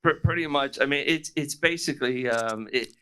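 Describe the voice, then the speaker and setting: A man's voice: medium pitch, moderate pace, pushed and bright, clean tone. An American man from South Florida, a guest on a podcast, chatting casually and rambling with many restarts. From South Florida, USA. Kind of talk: casual chat. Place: remote call from the UK.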